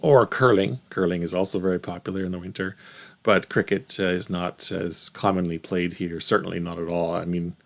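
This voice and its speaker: A man with a low, gravelly voice talks through a reaction video at an easy pace. He muses out loud, pausing often with ums and restarts. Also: fairly even intonation. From Canada. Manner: thoughtful, hesitant, many fillers and restarts. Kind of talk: casual reaction commentary.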